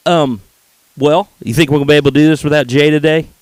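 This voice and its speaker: A man's voice: on the high side, steady tone, quick pace, dry recording. A man hosting a casual podcast, easygoing and prompting his co-host with questions.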